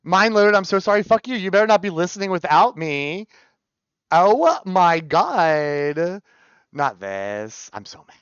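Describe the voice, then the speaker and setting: A man chatting on a live stream, excitable, swearing and repeating words in quick runs. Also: high-pitched, smooth, no echo. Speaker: variety streamer. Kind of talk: casual live stream chat. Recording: dull lo-fi stream audio.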